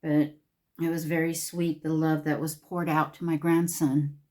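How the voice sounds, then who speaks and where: A woman's voice: low voice, little pitch movement, a little slow, warm tone. A middle-aged woman telling a rambling, conversational story to camera in a casual vlog. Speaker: beauty vlogger.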